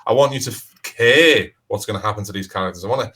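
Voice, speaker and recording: Scouse man, bright forceful voice. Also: fairly low pitch, quick pace, rough recording. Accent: Liverpool (Scouse). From Liverpool, England. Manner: rambling, restarts often, frequent "you know". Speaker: crime author, interview guest. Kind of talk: casual interview conversation.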